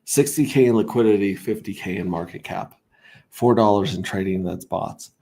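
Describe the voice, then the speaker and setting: A man's voice: low voice, normal speed, gravelly, dark tone. A man hosting a casual crypto livestream, talking through charts in a rambling, self-interrupting way with wry asides.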